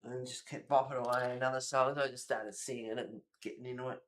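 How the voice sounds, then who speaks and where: A chatty woman hosting a colouring livestream from home. Her talk is lively and gossipy, with the occasional swear word thrown in. She sounds relaxed, like she's catching up with friends over a cuppa. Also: extremely low pitch, fast talker. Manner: animated, gossipy storytelling with swearing. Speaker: livestream host. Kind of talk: casual chat while colouring on a livestream.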